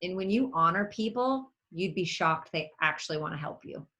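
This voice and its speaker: An animated woman giving a motivational talk on a video call, emphatic, acting out little quotes and laughing as she goes. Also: fairly low pitch, moderate pace. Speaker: network marketing leader speaking as a guest.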